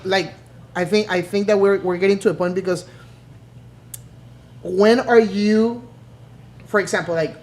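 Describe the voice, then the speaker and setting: A man's voice: sits high, fairly even intonation, a little mellow. A man who plays in a DJ duo, talking as a guest in a casual podcast conversation and often restarting his sentences. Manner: halting, restarts often while asking questions. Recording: roomy echo.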